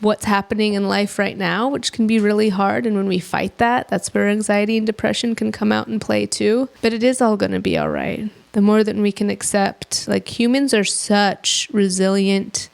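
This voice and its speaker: A woman's voice: medium pitch, animated, moderate pace, creaky, hardly any pauses. A woman, a therapist hosting her channel, gives a reflective reaction commentary and speaks reassuringly, straight to the viewer. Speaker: therapist and coach, host.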